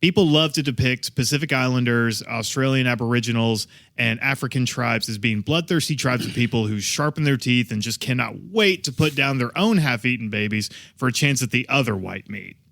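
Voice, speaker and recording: A man's voice: mid-range voice, fairly quick, gravelly, few pauses, fairly bright tone, no echo. Dry, joking male podcast host. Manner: wry, joking narration. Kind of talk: casual chat, telling a true-crime story.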